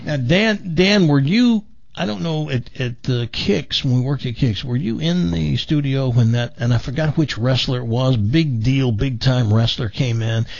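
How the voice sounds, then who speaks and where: A male radio host chats casually and steers the conversation. His voice is gravelly and the studio sound is dry, dull and lo-fi. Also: medium pitch, moderate pace, darkish tone, no room sound. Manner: conversational, leads the segment.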